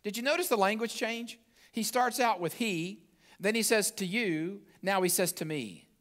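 A man preaching a sermon as pastor, emphatic, with conversational asides to the congregation and phrases that drop low at their ends. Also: moderate pace, fairly bright tone. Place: church sanctuary.

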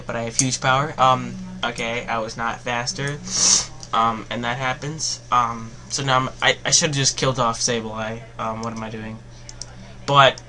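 Bright-voiced young man rambling over gameplay. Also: medium pitch, slight background noise. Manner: rambling, filler-heavy, swings from glum mutters to yelling. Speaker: gaming commentator. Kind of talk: live game commentary.

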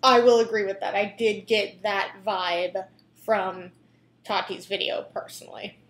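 A woman's voice: medium pitch, steady tone, unhurried, echoey room. A young woman hosting a reaction video, chatting casually with lots of fillers, restarts and giggles.

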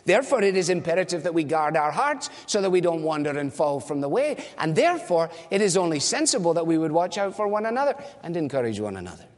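A man's voice: fairly high pitch, big pitch swings, fast talker, few pauses, in a large hall. A man preaching a sermon as a pastor, earnest and direct, asking and answering rhetorical questions.

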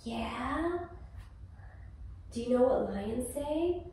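A mother leading a toddler yoga class, talking gently in a sing-song way to a small child. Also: sits high, animated, drawn-out words, vocal fry. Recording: echoey room, far from the mic.

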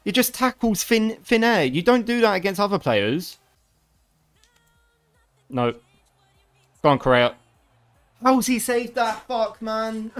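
Excitable man commentating gameplay. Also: high voice, takes it slowly, pauses often, clear, resonant tone, faint music behind. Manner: excitable, swears often, shouts at big moments. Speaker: gaming video creator.

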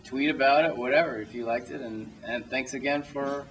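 A young man, a filmmaker, fields audience questions after a screening in a cinema auditorium with a small crowd. His mid-range voice is steady, fairly quick and fairly bright as he rambles through loose anecdotes, interrupting himself, restarting sentences and laughing often. The low-quality recording was made from a distance and carries a little hiss or hum.

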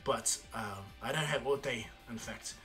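A man's voice: mid-range voice, a little slow, pushed and bright, faint music behind, pitched below the performer's own voice. A man voicing a cocky male god of destruction in a casual fan story retelling, speaking in a laid-back, boastful way. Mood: amused.

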